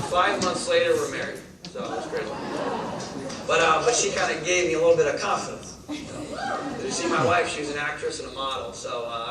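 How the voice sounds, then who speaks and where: Fired-up guy pumping up a crowd, kinda high voice, far off mic in a super echoey hall w/ noise. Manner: energetic, rapid-fire, asks the crowd questions. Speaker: network marketing speaker. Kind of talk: motivational talk to a live audience. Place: large meeting hall.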